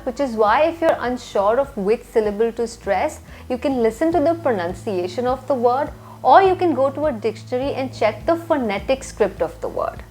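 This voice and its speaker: A woman with a slightly high voice teaches English grammar in a scripted lesson. She slows down to spell out letters and examples with patient clarity. A faint music bed plays beneath her voice. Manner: slow, careful spelling out of examples. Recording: soft music behind the voice.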